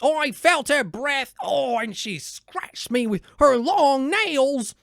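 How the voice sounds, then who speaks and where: A man voicing a panicky, terrified male robber in a storybook reading, babbling in a high, slow wail. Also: animated, creaky, a bit bright, no echo, studio quality, heavily acted. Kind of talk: storybook character voice.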